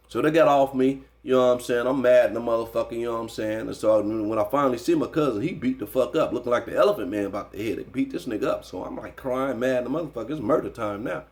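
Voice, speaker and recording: Fast-talking gravelly man telling a story. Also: mid-range voice. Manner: slangy, profane, constantly says "you know what I'm saying"; animated when recounting the fight. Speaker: interview guest. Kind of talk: casual storytelling.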